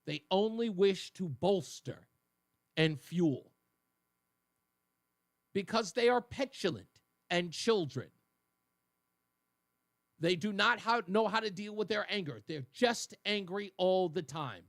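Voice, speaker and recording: Radio host guy ranting, high voice, dry studio sound, jumps loud then quiet. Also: animated, slow pace, creaky, pauses often, dry recording. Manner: emphatic, argumentative, swings between loud and low. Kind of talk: opinion monologue on radio.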